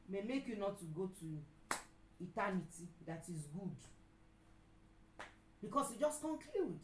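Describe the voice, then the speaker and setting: A middle-aged Nigerian woman preacher and counselor giving an emphatic sermon. She repeats her key lines and sometimes breaks into loud outbursts. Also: mid-range voice, sing-song, moderate pace, pauses often, echoey room, rough recording. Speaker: pastor and counselor.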